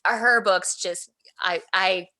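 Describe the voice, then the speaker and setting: A woman author in a casual interview, talking excitedly with frequent restarts and laughter. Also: medium pitch, slow pace. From Alaska. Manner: excited, gushing, laughs often, many restarts. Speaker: guest author.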